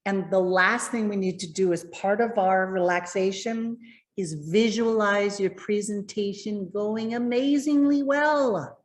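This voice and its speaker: A woman presentation coach giving lively, encouraging tips to viewers over a video call. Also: medium pitch, measured pace, echoey room.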